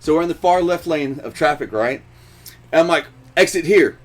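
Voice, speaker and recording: A man's voice: a little high, brisk. A man co-hosting a movie review show, telling a story in casual chat, swearing often and acting out sounds. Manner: profane storyteller, animated, mimics sounds. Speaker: co-host.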